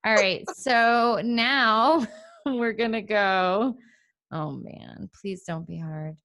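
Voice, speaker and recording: A woman hosting a podcast in a casual chat. She talks playfully, laughs often and thinks out loud. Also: medium pitch, drawn-out words. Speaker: podcast host.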